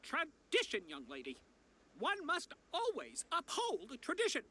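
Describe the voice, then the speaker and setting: A man's voice: very high-pitched, wildly swooping pitch, a little slow, pushed and bright, heavily acted. A man voicing a haughty, sardonic old university rector in a video game.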